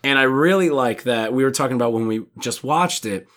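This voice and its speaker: A man's voice: medium pitch, a little fast, a bit bright. A man co-hosting a podcast in casual chat, enthusiastic and often slipping into quoted movie lines. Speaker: podcast co-host.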